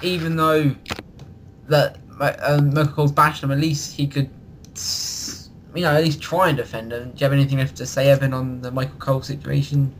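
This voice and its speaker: A man's voice: medium pitch, level tone, a little fast, noisy background. Opinionated man chatting casually. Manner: chatty, opinionated, restarts often. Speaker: podcast co-host. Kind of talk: casual chat.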